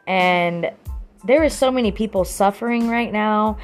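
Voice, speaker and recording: A woman's voice: mid-range voice, a little slow, soft background music. A young adult woman in a casual, rambling monologue, earnest and heavy on "you know" fillers.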